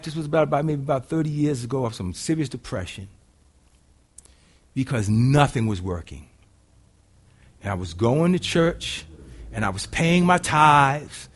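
A high-pitched, middle-aged pastor preaches a sermon in a folksy, casual manner. He swings between loud preaching and quiet, hushed storytelling.

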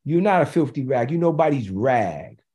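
A man's voice: medium pitch, expressive, normal speed, dark tone. A man preaching a sermon in a conversational way, repeating key phrases for emphasis and slipping in joking asides.

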